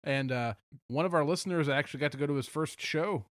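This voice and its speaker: A man's voice: fairly high pitch, fast, no room sound, clean studio sound. A young man co-hosting a casual podcast, teasing and swearing easily. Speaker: podcast co-host. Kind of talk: casual chat.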